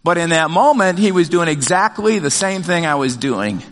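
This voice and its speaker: An older man preaching a sermon as pastor, talking in a conversational, animated way with many fillers and restarts. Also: a little high, moderate pace, in a large hall.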